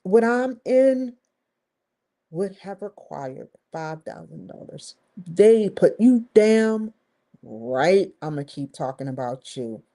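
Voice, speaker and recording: A woman's voice: on the low side, expressive, slow, mellow. A woman talking to the camera in a rambling, candid vlog monologue, swearing freely and leaning hard on stressed words. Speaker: vlogger.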